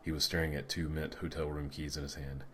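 A man narrating an audiobook in a measured, dry storytelling manner. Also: very deep voice, level tone, fairly bright tone, a little hiss or hum.

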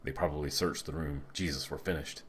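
A volatile, paranoid attorney, drunk and menacing, who lurches between groaning and shouting, as a male narrator reads him. The voice sits extremely low and heavy. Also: fairly even intonation, fairly quick, husky, heavily acted. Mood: despairing.

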